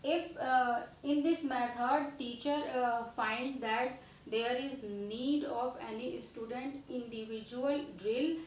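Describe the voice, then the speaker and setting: A woman teacher with an Indian English accent, lecturing students in a deliberate way with frequent fillers and restarts. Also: on the high side, echoey room, a little hiss or hum, rough recording. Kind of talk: classroom lecture.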